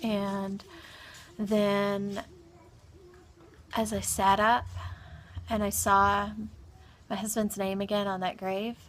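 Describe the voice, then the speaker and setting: A grieving woman recounting a personal experience in a halting, soft-spoken monologue full of pauses and restarts. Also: medium pitch. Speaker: vlogger.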